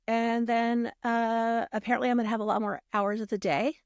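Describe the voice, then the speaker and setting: A woman guest on a podcast, telling stories in a lively, casual way, acting out what people said and swearing freely. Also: fairly high pitch, moderate pace, few pauses, clean tone, no echo, studio quality. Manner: animated, acts out quoted voices, swears freely. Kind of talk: casual storytelling.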